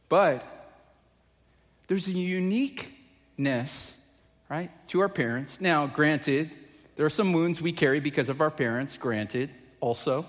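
A pastor preaching a conversational sermon, often asking the congregation questions. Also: male voice, a little high, expressive, slow pace, pauses often, fairly bright tone, in a large hall.

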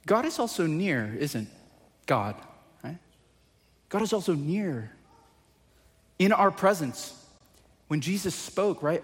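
A pastor preaching a conversational sermon, often asking the congregation questions. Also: male voice, fairly high pitch, in a large hall.

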